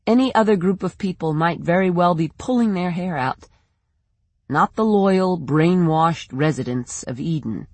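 Dry, steady audiobook narrator. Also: medium pitch, no room sound. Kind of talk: first-person scripted narration.

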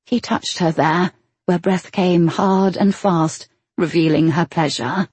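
A woman narrating a romance audiobook in a slow, sensual manner. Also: fairly low pitch, fairly even intonation, darkish tone, husky, no echo.

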